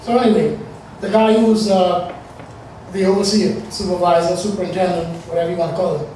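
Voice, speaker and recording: A man's voice: sits high, fairly even intonation, brisk, warm tone, slight background noise. A man in his forties from the Bahamas telling a personal story to an audience in a loose, rambling way with many fillers. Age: 40s. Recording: echoey room, distant mic.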